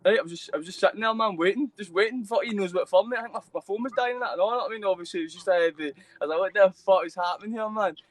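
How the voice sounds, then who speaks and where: A young man with a Scottish accent talks at a fast clip in a fairly high voice, his stories spilling out in loose, rambling runs. He swears freely and drops mate and bro into nearly every line. He's a guest on a live video call. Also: low-quality recording. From Scotland. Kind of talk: casual storytelling interview.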